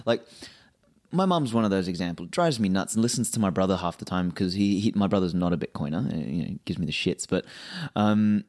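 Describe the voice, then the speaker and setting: Blunt, swearing man, low voice. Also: brisk. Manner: blunt, profane, animated. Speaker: guest. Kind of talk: casual interview.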